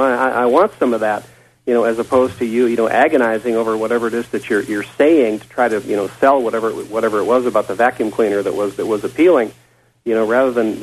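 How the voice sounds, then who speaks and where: A man's voice: on the low side, a little hiss or hum, poor audio. A man hosting a casual talk show, a former psychotherapist who rambles with many fillers and restarts.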